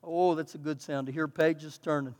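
High-voiced Texan pastor in a big reverberant hall. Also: male voice, moderate pace. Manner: animated, folksy and self-mocking. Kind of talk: storytelling sermon. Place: church sanctuary.

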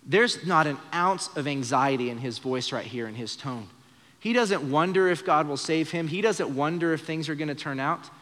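A young man with a slightly high voice preaches in earnest, playing out quoted lines with shifting voices. The long reverb of a church hall trails behind every phrase, as at a live evening service. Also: moderate pace, fairly bright tone. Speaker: pastor. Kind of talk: sermon.

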